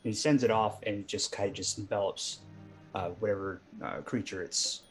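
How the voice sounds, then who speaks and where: Hesitant man player, low voice. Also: steady tone, faint music behind. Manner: hesitant, halting with fillers. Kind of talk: casual tabletop game play.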